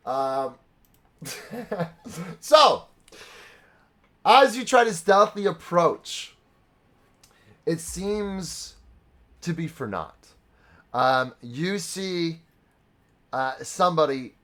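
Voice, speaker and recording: A man's voice: a little high, animated, very slow, pauses often, fairly bright tone. A young man running a live-streamed tabletop game as dungeon master, mixing casual banter with dramatic narration. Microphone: streaming microphone.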